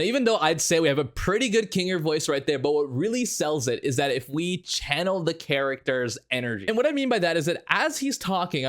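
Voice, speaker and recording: Energetic young guy doing a voice tutorial, chatty, lightish voice. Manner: energetic, chatty, demonstrates pitches as he explains. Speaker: YouTuber teaching voice impressions. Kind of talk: casual tutorial.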